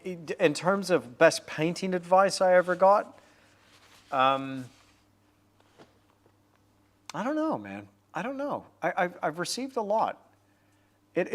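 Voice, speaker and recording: A man in his forties hosting a livestream, painting while chatting upbeat and answering viewer comments. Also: a little high.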